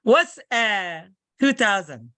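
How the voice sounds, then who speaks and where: Bright-voiced woman teaching an online class. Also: mid-range voice, sing-song, slow pace, no room sound. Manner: patient, repeats phrases, encouraging. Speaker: language teacher. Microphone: video call.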